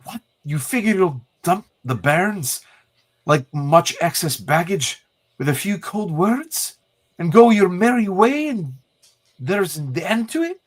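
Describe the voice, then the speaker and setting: A man's voice: high-pitched, very animated, slow pace, pitched above the performer's own voice, full character voice. A man reading as a defiant Scottish woman scientist in a put-on Scottish accent, scolding. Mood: indignant. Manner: scolding, indignant.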